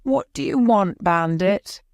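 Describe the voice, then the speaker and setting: A woman's voice: mid-range voice, lively intonation, takes it slowly, no echo, studio quality, voice pushed up. A woman voicing a boastful, greedy male army sergeant in an audiobook, blustering as she speaks. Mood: scornful. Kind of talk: audiobook character voice.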